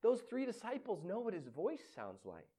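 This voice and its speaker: A male pastor giving a sermon in an animated, conversational way, laughing often. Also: high voice, moderate pace, slightly rough.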